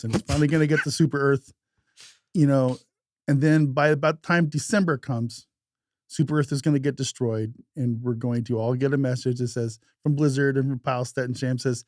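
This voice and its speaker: A man's voice: mid-range voice, darkish tone, dry recording, studio quality. A man co-hosting a gaming podcast, chatty and agreeable, spinning theories in casual talk. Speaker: podcast co-host.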